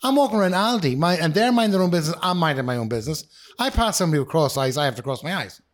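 This is a middle-aged man in casual podcast chat. His voice sits a little high and swings widely in pitch. He is an animated storyteller who swears without a second thought. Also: rapid-fire. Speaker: podcast co-host.

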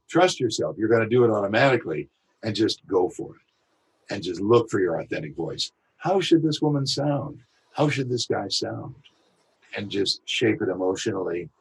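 A man, a voice actor, talking through his craft in a podcast interview, reflective and full of examples. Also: mid-range voice. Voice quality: husky. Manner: reflective, explains with examples and quick imitations. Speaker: voice actor guest.

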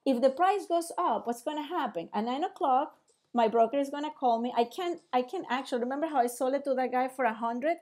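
Woman explaining with lively questions. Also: sits high, brisk. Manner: animated, asks rhetorical questions, acts out little dialogues. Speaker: teacher. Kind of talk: casual explainer lesson.

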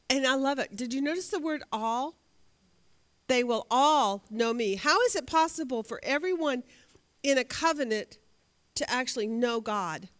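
Leading an interactive Bible class, a woman with a voice on the high side asks her students questions and answers them herself. She often repeats words as she works through her thoughts aloud.

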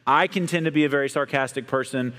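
A man with a mid-range voice talks in an earnest, measured way during a Bible discussion, pausing often. His voice carries a long reverb from the room. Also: medium pitch, a bit bright. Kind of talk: casual discussion.

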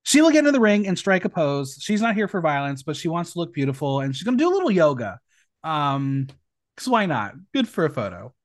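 A man with a fairly high voice hosts a casual recap podcast, recorded close and dry with no room sound. He retells the episode playfully, with quick dry asides. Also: very animated, dry recording. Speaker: podcast host.

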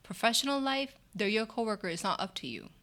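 A woman co-hosting a casual conversation, talking in an animated, candid way with frequent laughter and quoted asides. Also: medium pitch, fast.

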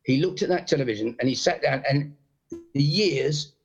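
A man from England, chatting casually and telling animated showbiz anecdotes, acting out the people he quotes. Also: on the high side, moderate pace, gravelly, breathy edge, faint music behind, low-quality recording. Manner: animated storyteller, acts out quotes.

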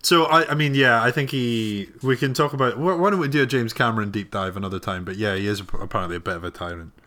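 Bright-voiced man in teasing banter. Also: mid-range voice, quick pace. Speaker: podcast co-host. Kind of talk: casual chat.

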